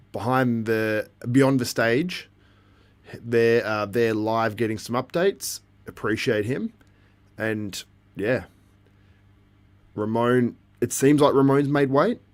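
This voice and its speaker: Speaking slowly in a medium-pitched voice, a man hosts a relaxed live stream. He chats with viewers, reacts to the feed and chat in real time, and laughs often.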